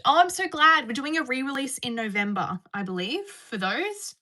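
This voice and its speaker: Her voice sits high and sharp, with lively intonation at a moderate pace. Streaming live from indoors at home, this woman is chatty and bubbly as she reads and responds to messages from her viewers.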